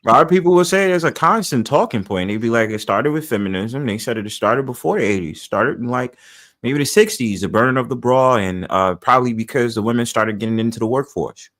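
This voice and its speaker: A man holds forth on a casual livestream. He talks bluntly, gives strong opinions and swears freely, at an ordinary middle pitch. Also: expressive, a little fast, a bit bright. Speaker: livestream host.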